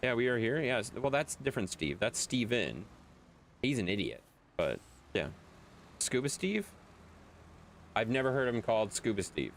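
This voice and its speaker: A man's voice: mid-range voice, sing-song, moderate pace, pauses often, a little hiss or hum. A man streaming a video game, chatting casually with viewers, reading their chat aloud and laughing often.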